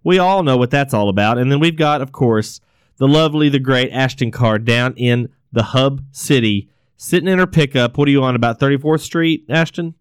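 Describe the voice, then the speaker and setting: A man's voice: mid-range voice, normal speed, clear, resonant tone, no room sound, clean studio sound. A man hosting a casual farm podcast, rambling and restarting sentences as he laughs his way through it. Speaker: podcast host.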